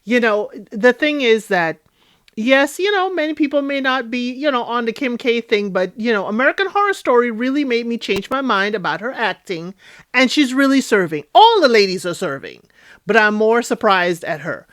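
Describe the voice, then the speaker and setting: A woman hosting a casual TV recap and review, chatty and animated, talking straight to her viewers. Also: on the high side, moderate pace, dry recording, studio quality. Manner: chatty, animated, addresses viewers directly, frequent "you know" and "okay?". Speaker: TV recap host.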